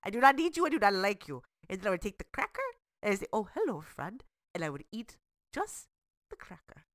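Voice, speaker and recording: A woman's voice: mid-range voice, sing-song, brisk, fairly bright tone, dry recording, studio quality. A woman putting on an exaggerated fake Russian accent for a comedy bit, speaking in stiff, broken phrasing. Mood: deadpan. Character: woman doing a mock Russian skeptic.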